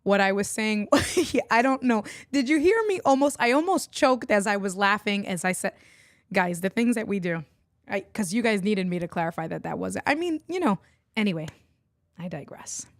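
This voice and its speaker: A middle-aged woman talks casually to her livestream audience from her desk mic. She is chatty and quick to laugh, greeting viewers by name. Her voice sits at a middle pitch in a dry, close recording. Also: animated, no room sound. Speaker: livestream host and online entrepreneur.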